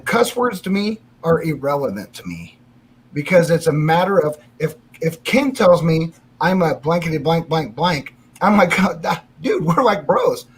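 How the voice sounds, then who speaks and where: A middle-aged man tells stories in a loose, casual way and swears freely. His voice sits fairly high for a man. There is a light hiss in the background. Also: big pitch swings, normal speed, rough recording. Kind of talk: casual chat.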